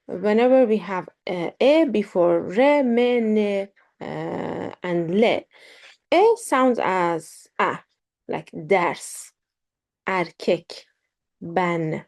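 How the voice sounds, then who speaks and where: A woman teaching a beginner pronunciation lesson, speaking slowly and carefully, repeating words with frequent ums. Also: medium pitch, expressive, darkish tone. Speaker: language teacher.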